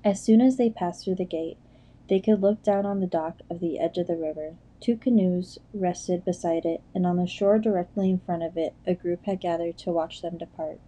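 A woman narrating an audiobook in a measured storytelling manner. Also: fairly low pitch, fairly even intonation, warm tone, highs cut off. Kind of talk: scripted narration.

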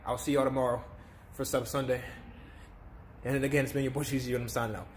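A man's voice: mid-range voice, flat delivery, fast talker, slight background noise. Distressed young man in pain. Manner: distressed, repetitive pleading. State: in pain, sniffling, coughing. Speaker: YouTuber doing a spicy chip challenge. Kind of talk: casual vlog to camera.

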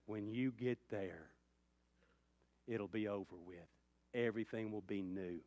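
A man preaching a sermon as pastor, swinging from loud, raised passages to hushed, quiet ones. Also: on the low side, measured pace, no echo. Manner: impassioned preaching, rising loud then dropping to hushed tones.

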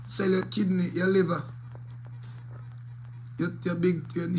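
A man's voice: sits high, measured pace, long pauses, a bit bright, a little hiss or hum, poor audio. A man with a Jamaican accent, a DJ giving rambling commentary to his viewers in patois peppered with curses. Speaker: DJ and vlogger. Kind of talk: casual commentary to camera.

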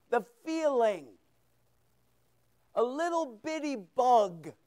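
Male preacher, high smooth voice, emphatic, unhurried sermon. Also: darkish tone, no echo, studio quality. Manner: fervent, emphatic preaching with rising bursts. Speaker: pastor.

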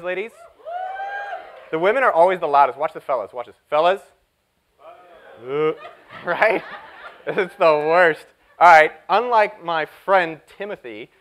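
A man giving a live conference talk, energetic and jokey as he hypes up the audience. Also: fairly high pitch, poor audio. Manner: energetic, jokey, hyping up the crowd. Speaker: keynote speaker.

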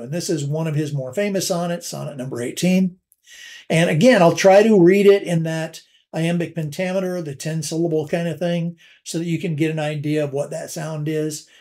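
A man teaching a recorded lesson on poetry, explaining in a casual way with fillers and slowing down to read verse aloud. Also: fairly high pitch, a little mellow.

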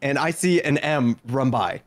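A man's voice: mid-range voice, a little slow. A man playing a group game, casually reporting what he saw and joking with the others. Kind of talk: casual gaming chat.

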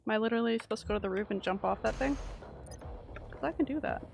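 A woman from Canada streaming a shooter game live, chatting casually, swearing and reacting loudly to the action. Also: a little high, fast, creaky, soft background music.

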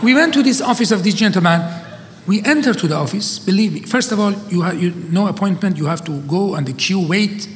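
Brief: male lecturer, high pitch, lively storyteller, faint hiss, long hall reverb. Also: crowd noise. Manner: animated, with halting restarts. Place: conference hall.

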